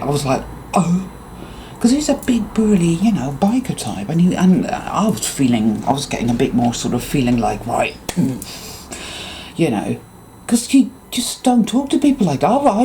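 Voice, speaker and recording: A man with an English accent, ranting in a casual vlog monologue and telling profane, animated stories. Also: medium pitch, moderate pace, a little hiss or hum. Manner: mimics other people's voices. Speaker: vlogger.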